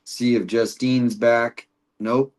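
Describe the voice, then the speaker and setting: A man's voice: mid-range voice, flat delivery, slow, a little mellow. Rambling male livestream host. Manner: rambling, reads viewer comments aloud. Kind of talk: casual livestream chat.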